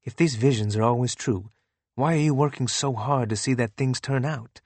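A man reading the lines of a kind, down-to-earth woman in an audiobook, gentle and reassuring. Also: mid-range voice, normal speed, no room sound, natural voice.

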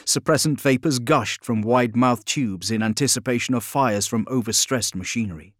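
Male audiobook narrator, measured and even, dry booth sound. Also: medium pitch, no echo. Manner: steady, measured storytelling. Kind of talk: scripted narration.

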